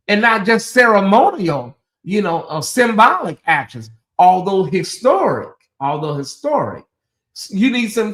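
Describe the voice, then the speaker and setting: A man with a notably high voice hosts a livestream, talking straight to his chat. He chats in an animated way and breaks into laughter often. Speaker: host.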